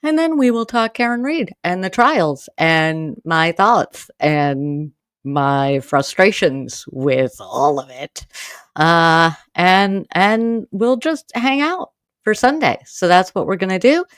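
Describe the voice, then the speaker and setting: A woman's voice: lowish voice, animated, slow, clear, resonant tone, dry recording. A woman from Maine hosting a casual solo podcast, chatting and rambling straight to her listeners and getting heated as she rants. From Maine, USA. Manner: gets heated and exasperated when ranting. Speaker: podcast host.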